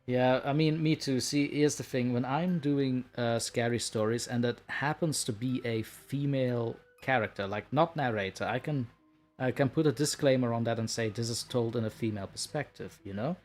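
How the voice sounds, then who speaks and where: A man's voice: medium pitch, moderate pace, darkish tone, faint music behind. Self-mocking man chatting on a stream. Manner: laughs often, self-mocking. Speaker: stream host. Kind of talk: casual chat on a live stream.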